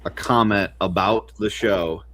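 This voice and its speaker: Lower-voiced man, hesitant. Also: a little slow, bright, forceful tone. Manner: hesitant, laughing. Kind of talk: casual group chat.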